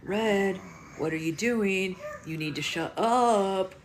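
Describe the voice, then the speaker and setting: A woman's voice: medium pitch, takes it slowly, background noise, natural voice. Worried, hesitant boy for a storybook read-aloud, played by a woman reading. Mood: anxious. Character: boy Connor, anxious and drawling.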